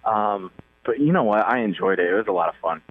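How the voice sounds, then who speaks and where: Young male phone guest, easygoing and upbeat, lower voice over a dry, tinny line. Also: expressive, quick pace, dry recording. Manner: easygoing, upbeat, with many fillers. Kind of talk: casual phone interview.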